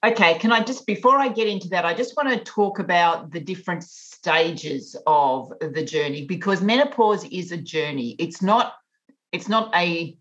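A woman's voice: on the low side, moderate pace, a bit bright. A woman in her fifties with an Australian accent, a naturopath guest explaining things in a podcast interview. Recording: dull lo-fi remote audio.

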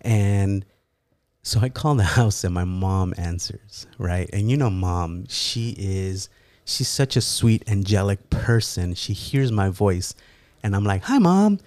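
A man from California telling a story in a casual, profane way, laughing often and slipping into lively impressions. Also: low voice, slow, no room sound. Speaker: guest storyteller.

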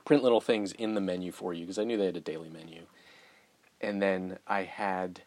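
A man's voice: low-pitched, fairly even intonation, brisk, a little mellow, dry recording. A man in casual conversation, telling a shared story with laughs and self-deprecating humor.

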